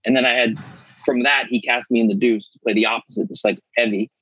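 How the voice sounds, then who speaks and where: A middle-aged man, an actor guest, telling animated stories in casual chat and acting out the voices of people he quotes. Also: mid-range voice, quick pace, slightly rough, muffled recording. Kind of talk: casual storytelling.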